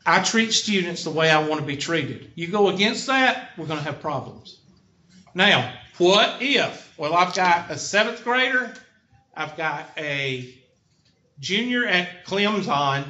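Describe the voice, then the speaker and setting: A man's voice: high voice, lively intonation, unhurried, pushed and bright. A middle-aged man with a Southern American accent, a college instructor giving a blunt, folksy classroom lecture and tossing questions to the class. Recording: lo-fi, echoey classroom.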